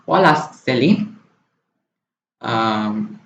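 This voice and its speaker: A man's voice: medium pitch, expressive, a little slow. Man tutoring French in a roomy space. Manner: explains step by step, often checking in with "right?" and "okay?". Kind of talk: online exam-prep lesson. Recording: roomy, dull lo-fi recording.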